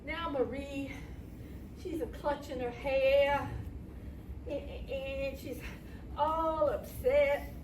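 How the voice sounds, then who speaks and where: A woman storyteller spins a folk tale in a slow, folksy drawl, her voice high for a woman. She sounds far from the mic in a roomy community hall, with steady noise underneath. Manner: folksy, drawling, laughs along with the audience. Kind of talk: live folk tale telling.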